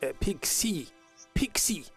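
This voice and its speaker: Casting note: man playing a stuttering elf lady, flustered, higher-set voice, soft music behind. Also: very animated, slow pace, husky, full character voice. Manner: stammering, flustered, many fillers. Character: stammering archaic elf woman with odd accent.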